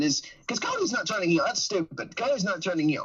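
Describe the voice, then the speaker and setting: Husky animated man hosting a podcast. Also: sits high, dull audio. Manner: animated, fast, talks over others. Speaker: podcast host. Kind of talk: casual podcast chat.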